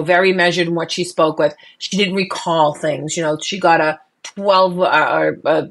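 A woman co-hosting a podcast, chatting casually about politics with many fillers and restarts and an animated delivery. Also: low-pitched. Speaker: podcast co-host.

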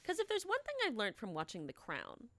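A woman's voice: mid-range voice, wildly swooping pitch, a little fast, sharp tone, no echo. A woman co-hosting a podcast, chatting casually and laughing often. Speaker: podcast co-host. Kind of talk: casual chat.

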